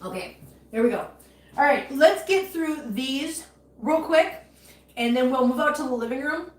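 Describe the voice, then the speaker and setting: A woman's voice: high voice, animated, normal speed, roomy sound. A woman hosting a casual livestream from her home kitchen while she cleans, chatty and emphatic, upset and holding back tears. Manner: chatty, emphatic, repeats herself when upset. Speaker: cat channel livestream host.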